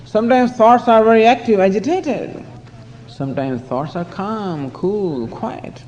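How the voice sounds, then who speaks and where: In a dull, lo-fi hall recording with a little hiss or hum, a spiritual teacher delivers a scriptural discourse. His high, mellow voice carries stories sprinkled with chuckles and frequent uses of "you know."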